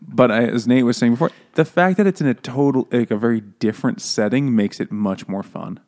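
A man's voice: mid-range voice, normal speed. A man co-hosting a casual comedic book chat, cracking jokes and laughing often. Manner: jokey, wisecracking, laughs often. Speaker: podcast co-host.

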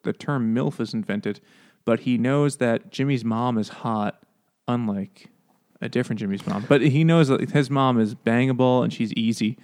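A man's voice: mid-range voice, moderate pace, darkish tone. A man co-hosting a casual book-club podcast, laughing often and acting out quotes in a raised voice. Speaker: podcast co-host.

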